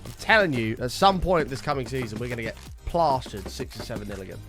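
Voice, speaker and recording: A man's voice: medium pitch, very animated, fast, music in the background. A British man chatting live to his stream viewers, ranting heatedly and swearing often. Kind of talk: casual live-stream chat.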